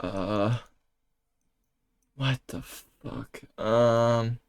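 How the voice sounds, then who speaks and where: A man's voice: medium pitch, steady tone, very slow, clean tone. A man streaming a game live, reacting in panicky bursts, swearing and exclaiming as he plays.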